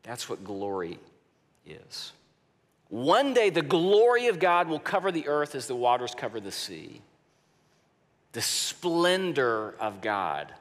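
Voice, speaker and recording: Slow, deliberate preacher in a reverberant hall. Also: male voice, medium pitch, very animated. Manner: slow, deliberate preaching that drops soft for emphasis. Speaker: pastor. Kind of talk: sermon. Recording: long reverb of a large hall.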